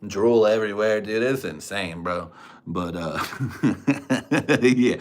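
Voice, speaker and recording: A man rambling through crude trash talk on a home livestream, his voice sitting at an ordinary pitch. He talks into a desk mic in a room at home, loose and unfiltered. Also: takes it slowly, a bit bright. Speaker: livestream host. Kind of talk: crude casual livestream chat. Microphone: desk microphone.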